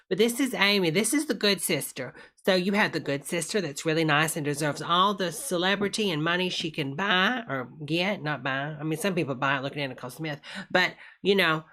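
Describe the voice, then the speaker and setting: A woman's voice: on the low side, pushed and bright. A woman hosting a live reaction stream, chatting folksily with viewers and calling them honey. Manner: folksy, calls everyone honey, gushing asides. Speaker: host reacting to videos.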